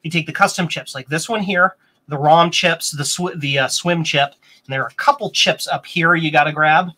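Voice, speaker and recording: A man hosting a casual live stream, rambling as he explains hardware and reads out viewer comments, often jumping up in pitch with excitement. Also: moderate pace. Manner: excitable, bursts into higher pitch. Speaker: host of a vintage computer stream.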